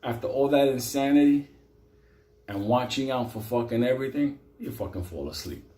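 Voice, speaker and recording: A man telling a comic story in a profane, animated way, swinging between loud bursts and quiet asides. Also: medium pitch, normal speed. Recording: echoey room.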